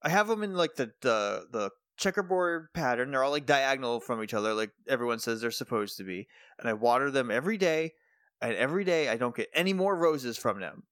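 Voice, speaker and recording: A man co-hosting a podcast in casual chat, relaxed and quick to laugh. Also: medium pitch, no echo, studio quality. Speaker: podcast co-host.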